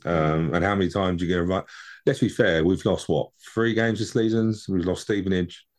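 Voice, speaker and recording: Deep voiced guy rambling about football at home, repeats himself a lot. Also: fairly even intonation, normal speed. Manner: chatty, rambling, repeats words. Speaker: podcast co-host. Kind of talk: casual football chat.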